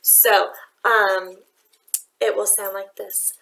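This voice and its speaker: Woman, music teacher, slow patient delivery, bright clear tone, sing-song rhythm demos. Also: a little high. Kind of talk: remote music lesson for children.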